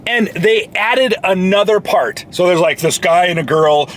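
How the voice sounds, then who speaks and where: A young man and co-host chatting casually and profanely about a movie in a car, excitable and animated. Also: sits high, unhurried, slight background noise. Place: parked car after a movie.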